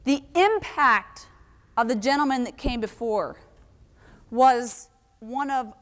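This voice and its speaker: A woman giving a lively motivational talk to a live audience, telling stories and asking the crowd questions. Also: fairly high pitch, slow pace, pauses often. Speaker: keynote speaker. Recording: long hall reverb.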